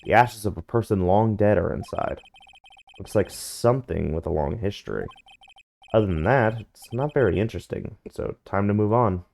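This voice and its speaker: A man's voice: fairly low pitch, moderate pace, creaky, darkish tone. A man reading game dialogue aloud in a dry, wry tone during a playthrough.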